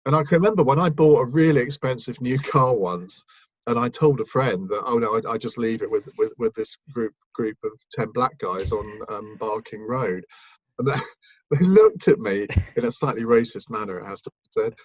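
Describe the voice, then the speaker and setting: A man's voice: mid-range voice, moderate pace, breathy edge, dry recording, muffled recording. A man, a broadcaster and author, chatting as a guest and reminiscing in a rambling way with many ums and restarts. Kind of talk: casual interview reminiscence.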